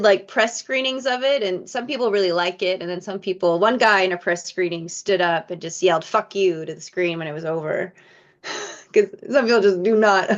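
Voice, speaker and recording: An actress from Michigan with a medium-pitched voice chats as a guest in a casual interview, telling animated, lively stories and acting out other people's lines. The audio is muffled and lo-fi.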